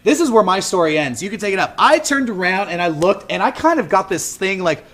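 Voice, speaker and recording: Podcast co-host, man, 30s, bright high voice, animated storyteller who swears a lot. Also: a little fast. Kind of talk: casual storytelling chat.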